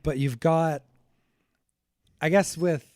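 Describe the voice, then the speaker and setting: A man's voice: on the high side, steady tone, slow, darkish tone, no echo. Guy hosting a podcast, laughs a lot, restarts sentences, dry close mic. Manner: laughs often, thinks aloud with restarts. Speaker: podcast host. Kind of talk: casual podcast conversation.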